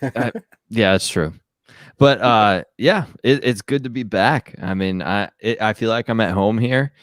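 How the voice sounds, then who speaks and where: Joking man from Minnesota, smooth low voice. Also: unhurried, no room sound, clean studio sound. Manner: joking, playful teasing. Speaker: podcast guest, fantasy football analyst. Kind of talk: casual podcast chat.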